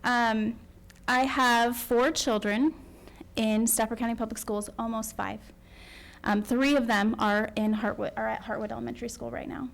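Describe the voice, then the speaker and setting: Woman, parent, public comment, emotional, near tears, halting, fairly high voice. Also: gravelly, rough recording. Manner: emotional, tearful, apologetic, halting with many ums. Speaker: parent speaking at school board meeting.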